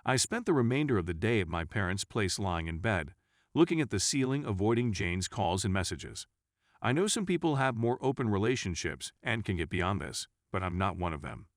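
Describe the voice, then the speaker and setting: Speaking in the first person, a man narrates a story at an even, scripted reading pace that runs a little fast. His voice is on the low side, and the dry, close recording has no room around it.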